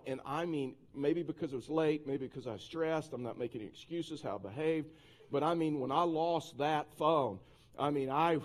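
A man, apparently a pastor, delivers a sermon in a slightly high voice, sharing a personal anecdote in a lively, conversational style full of restarts and asides.

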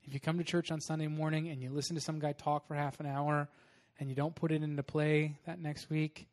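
A man's voice: a little high, brisk. Casual, upbeat man preaching a sermon. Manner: casual, animated storytelling with laughs. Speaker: pastor.

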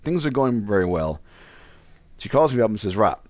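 Lively storytelling man, low voice. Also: normal speed, dry recording. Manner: animated, acts out quoted lines with pitch jumps. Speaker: podcast host telling a story. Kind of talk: casual storytelling.

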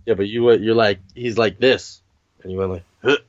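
A man's voice: lowish voice, fairly even intonation, brisk, no room sound. A man co-hosting a podcast in a laid-back, teasing casual chat. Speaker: podcast co-host. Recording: dull lo-fi sound.

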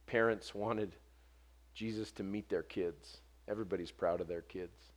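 A man preaching a sermon, earnest, building to forceful emphasis and dropping soft on quoted words. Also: deep voice, steady tone, normal speed. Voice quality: short stature mentioned, not vocal.

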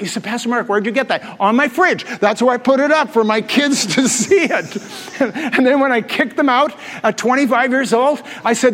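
High-voiced pastor preaching in a hall. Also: male voice, big pitch swings, normal speed, a bit bright. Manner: storytelling, joking and laughing with the congregation. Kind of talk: sermon. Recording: long hall reverb.

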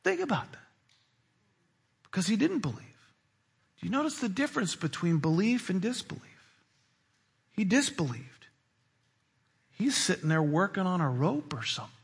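A man preaching a sermon, animated, swinging between loud emphasis and hushed asides. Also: high voice, moderate pace, vocal fry, long pauses, husky. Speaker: pastor.

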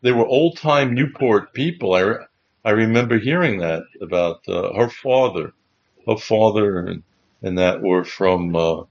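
Husky-voiced chaplain telling stories. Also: male voice, lowish voice, lively intonation, measured pace. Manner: rambling, restarts, chuckling as he recalls. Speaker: chaplain and host of a Bible livestream. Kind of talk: casual anecdotal storytelling. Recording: dull lo-fi stream audio.

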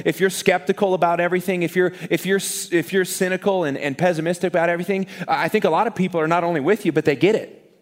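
High-voiced animated pastor preaching. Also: male voice. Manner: animated, self-deprecating, repeats words for emphasis. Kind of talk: sermon.

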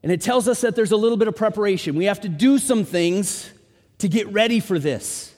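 A man preaching a sermon with animated storytelling, his voice rising into shouts when he acts out the people in the story. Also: high-pitched, a little fast. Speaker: pastor. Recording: long hall reverb.

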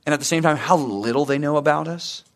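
A man's voice: a little high, quick pace. A man preaching a sermon, earnest and direct, asking the congregation rhetorical questions and repeating words for emphasis. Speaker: pastor.

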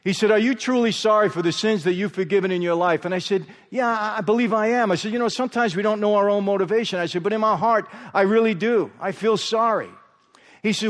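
A man's voice: high voice, quick pace. A middle-aged man giving an emphatic testimony sermon, calling out to the audience as he tells his story. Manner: emphatic, repeatedly addresses the audience as "people". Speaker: guest speaker. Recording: long hall reverb.

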